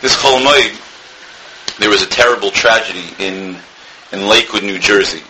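A man's voice: lowish voice, moderate pace, pushed and bright, slight background noise, rough recording. A man giving an earnest Torah talk as a rabbi, telling a story and sprinkling in Hebrew and Yiddish words.

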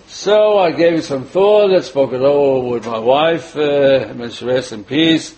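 Older rabbi telling a rambling story. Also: male voice, medium pitch, a little mellow, rough recording. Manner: rambling, many filler pauses, chuckles at own jokes. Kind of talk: sermon with personal anecdote.

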